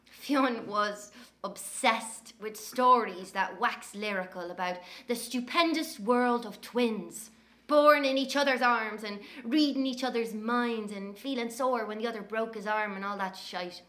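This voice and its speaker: A sharp-tongued Irish woman tells her story with brisk, earthy frankness, as an actress plays her. Her voice sits a little high, bright and forceful. She curses freely and keeps a dry bite in her telling. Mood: candid, wry. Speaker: narrator recalling her twin brother. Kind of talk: dramatic first-person narration.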